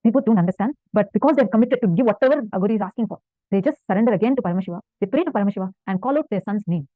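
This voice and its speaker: Fast, fervent woman telling a devotional story. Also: mid-range voice, expressive, no echo. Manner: earnest, fervent, repeats for emphasis. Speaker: spiritual teacher. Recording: tinny phone-like dry sound.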